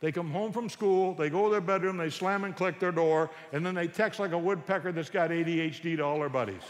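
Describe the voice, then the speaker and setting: A man giving a humorous talk on Christian parenting to a church audience, an animated storyteller who acts out parents and kids. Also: fairly high pitch, a little fast, big-room sound, slight background noise.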